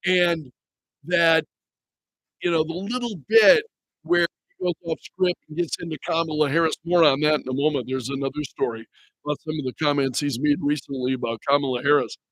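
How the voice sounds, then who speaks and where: A man's voice: fairly high pitch, fairly quick, a bit bright, no echo, rough recording. A man hosting a talk radio show, reading items aloud and mocking them with a sarcastic tone and frequent laughter. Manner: sarcastic, laughs often, mocks what he reads. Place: radio studio. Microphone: studio microphone.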